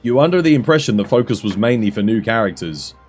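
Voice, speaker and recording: Soft music runs under this casual gameplay stream, where a young Australian streamer and coach chats easily and explains tips to his viewers. He talks fast with lively intonation in a fairly low, slightly mellow, husky voice.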